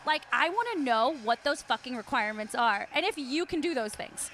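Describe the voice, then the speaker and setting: A woman's voice: sits high, animated, a little fast, a bit bright. A woman co-hosting a casual podcast chat, bold, profane and teasing. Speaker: podcast co-host.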